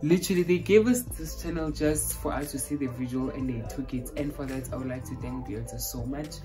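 A woman's voice: very deep voice, brisk, mellow, faint music behind, low-quality recording. A woman with a South African accent, gushing and repeating exclamations in a casual reaction vlog. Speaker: vlogger reacting to a film.

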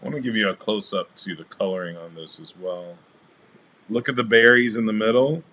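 A man's voice: on the low side, a little fast. A man hosting a casual crafting livestream, chatting with viewers and greeting them by name as he shows his cards. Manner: relaxed, rambling with fillers.

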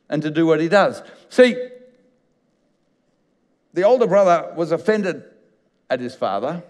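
A man's voice: fairly high pitch, long reverb tail. A man, a pastor, preaching a sermon in a chatty storytelling way and acting out the scenes he retells. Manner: conversational storytelling, animated retelling. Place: church auditorium.

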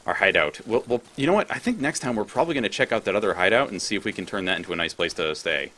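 A man's voice: on the low side, animated, rapid-fire, sharp tone. Rambling, swearing let's-play man. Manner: rambling, swears freely, thinks aloud. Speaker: gameplay commentator.

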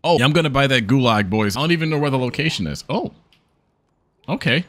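A young man talks through his game session in a loose, profane, joking way. He addresses his viewers like friends. His pitch moves around a lot in a middle register. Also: lively intonation, fast talker, a bit bright. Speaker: gaming YouTuber. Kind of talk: casual gameplay commentary.

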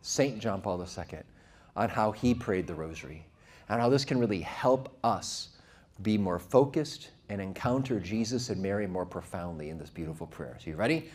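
A Catholic speaker giving a talk to a live audience, earnest and conversational, who often asks the audience questions. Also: male voice, on the low side, expressive, moderate pace, a little mellow, slightly rough. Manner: vivid storytelling with quoted voices.

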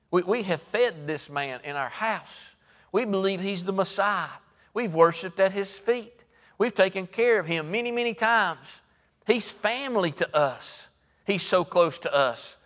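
A man with a Southern American accent preaching a sermon in folksy storytelling style, acting out Bible figures and moving between soft low asides and raised, emphatic preaching. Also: normal speed, big-room sound. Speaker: pastor. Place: church sanctuary.

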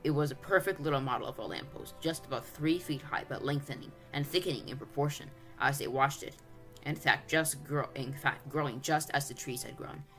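Steady storybook reader over faint music. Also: mid-range voice, brisk, few pauses. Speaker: audiobook reader. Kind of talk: storybook read-aloud narration.

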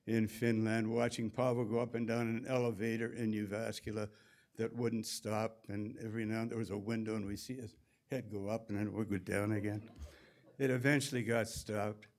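A Canadian man in his seventies giving a memorial talk, telling wry, unhurried anecdotes. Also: fairly low pitch, little pitch movement, darkish tone. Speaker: memorial speaker.

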